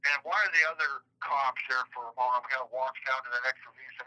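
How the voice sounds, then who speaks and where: A man's voice: medium pitch, steady tone, fast, sharp tone. A middle-aged man recounting past events in an interview, rambling and repeating words, acting out the dialogue he quotes, heard over a phone line.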